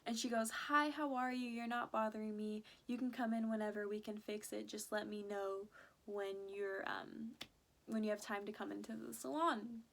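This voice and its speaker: A woman's voice: mid-range voice, moderate pace, vocal fry, slight background noise. A young woman vlogger chatting through a story, full of "like" fillers and quoted back-and-forth. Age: young adult. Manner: chatty, animated retelling with many "like" fillers. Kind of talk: casual storytime vlog.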